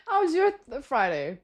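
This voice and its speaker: A young woman streaming and chatting casually with viewers, giggling often and ranting with plenty of swearing. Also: extremely high pitch. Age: young adult.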